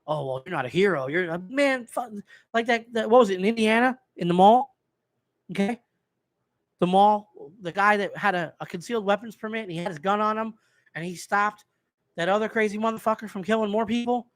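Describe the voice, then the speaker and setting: A man's voice: sits high, a little fast, no room sound. A man hosting a live stream, ranting in a heated way and swearing freely. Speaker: host.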